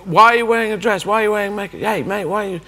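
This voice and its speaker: A cheeky teenage girl heckling someone in the street, as a man puts on her voice. She jeers in a high, sharp voice, and a long hall reverb trails every word. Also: very fast. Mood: mocking. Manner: high jeering mimicry. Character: taunting teenage girls, brash and mocking.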